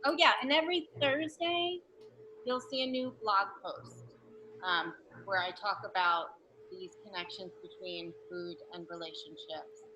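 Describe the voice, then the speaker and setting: A woman from New York, a guest author, talking casually and joking, with quick self-corrections. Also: fairly low pitch, expressive, pushed and bright, slight background noise, low-quality recording. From New York, USA. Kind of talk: casual talk at the end of an online Q&A.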